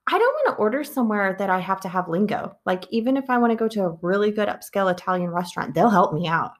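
A woman's voice: mid-range voice, lively intonation, quick pace. A woman co-hosting a podcast in casual chat, rambling along with lots of "like". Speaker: podcast co-host.

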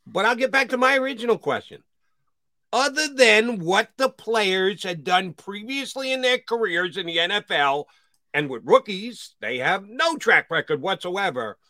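A sports talk host with a forceful, bright tone and a fairly high voice. He builds his case point by point and keeps pressing his co-host for answers. The sound is dry and close. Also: animated, moderate pace, no room sound. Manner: questioning, builds long argumentative points.

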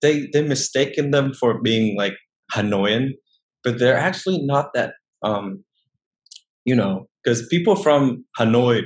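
A young man with a Vietnamese accent chats as a guest in a relaxed interview. His English is unhurried and halting, full of fillers and restarts as he looks for the words. His voice sits at an ordinary middle pitch. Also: poor audio. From northern Vietnam. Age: young adult. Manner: hesitant, many fillers and restarts. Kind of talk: casual interview chat.

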